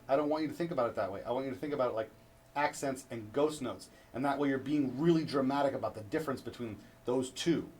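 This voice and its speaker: A male drum instructor giving a hands-on lesson, coaching step by step and checking in with "right?" after each point. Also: mid-range voice. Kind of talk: instructional demonstration. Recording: distant mic with clear background noise.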